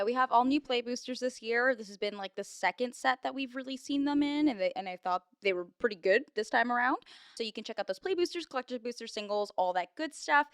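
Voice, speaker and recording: A woman's voice: on the high side, a bit bright, clear, resonant tone, dry recording, clean studio sound. A young woman co-hosting a casual chat show, bubbly and chatty. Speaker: co-host.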